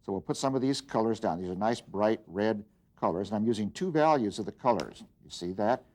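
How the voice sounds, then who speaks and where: A man with a fairly low voice teaches an art lesson. He talks through his demonstration patiently and plainly, often pausing on fillers and starting phrases over. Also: lively intonation, a little mellow. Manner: plain, patient explaining with frequent fillers and restarts. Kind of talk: instructional demonstration.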